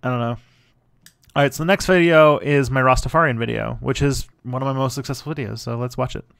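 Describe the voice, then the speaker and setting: A man's voice: medium pitch, fairly even intonation, fast talker, creaky, fairly bright tone. A man hosting a casual livestream, commenting on his own old videos in a loose, rambling way. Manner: rambling, with many fillers and restarts. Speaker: channel host.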